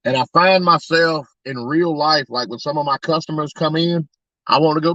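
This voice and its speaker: A man's voice: on the high side, normal speed, pushed and bright, no echo, dull audio. A man, casually chatting to his live-stream audience, laughing often and talking straight to the chat. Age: 30s. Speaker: truck tire shop owner and YouTuber.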